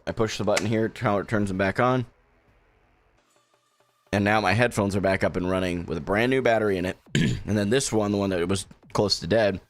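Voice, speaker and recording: Young guy streamer on a headset, lowish voice, earnest and encouraging, faint music behind. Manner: earnest, encouraging community pitch. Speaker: gaming streamer. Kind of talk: casual live-stream chat.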